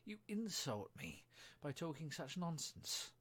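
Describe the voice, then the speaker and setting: A stiff, easily offended storybook mouse voiced by a man. It talks slowly and severely, in a husky tone. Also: a little high, very animated, fairly bright tone, voice pushed up, heavily acted. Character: touchy, proud little mouse.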